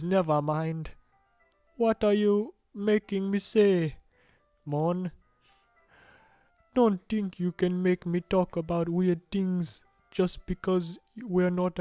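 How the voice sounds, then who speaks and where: A man's voice: sits high, warm tone, no echo. A man voicing a feisty, prickly teenage girl in a visual novel, reading her lines in a bratty, teasing way. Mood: flustered. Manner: bratty, teasing, quick to snap back.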